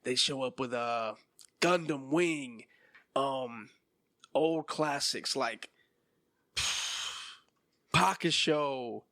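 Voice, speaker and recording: A man's voice: mid-range voice, drawn-out words, long pauses, sharp tone, no room sound, studio quality. A man in his twenties hosting a solo podcast and ranting with passion and emphasis. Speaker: podcast host.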